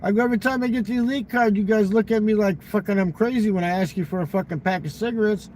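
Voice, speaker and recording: A man's voice: sits high, fast talker, darkish tone, a little hiss or hum, poor audio. A man telling a long, profane casino story in casual talk, acting out the exchanges he quotes.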